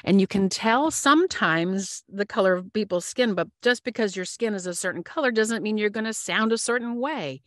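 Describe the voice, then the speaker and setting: A woman's voice: mid-range voice, normal speed, hardly any pauses, a bit bright, no room sound, studio quality. A woman hosting a podcast who asks long, earnest questions and searches for her words with many fillers. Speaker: podcast host. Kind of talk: podcast interview.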